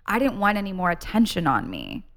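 A woman co-hosting a casual chat show, telling a personal story in an animated way, acting out the voices of the people in it and swearing freely. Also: lowish voice, brisk, vocal fry. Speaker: podcast co-host. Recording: faint guitar music underneath.

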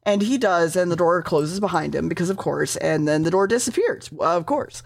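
A woman's voice: lowish voice, lively intonation, normal speed, vocal fry, no echo, studio quality. A woman casually recapping a TV episode, rambling, swearing freely and correcting herself as she goes.

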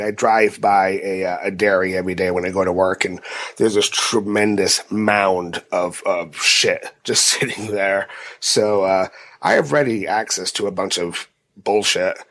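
A man co-hosting a casual podcast, his voice sitting on the low side. He talks haltingly, doubling words and restarting sentences as he works his thoughts out. The pace stays easy and conversational. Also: a bit bright. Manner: halting, with frequent word repeats. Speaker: podcast co-host.

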